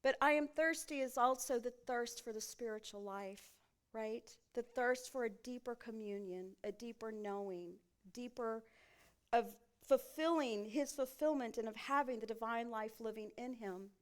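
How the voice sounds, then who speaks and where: High, smooth-voiced woman preaching a sermon. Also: a little slow. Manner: keeps checking in with the congregation with rhetorical questions. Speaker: pastor. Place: church sanctuary.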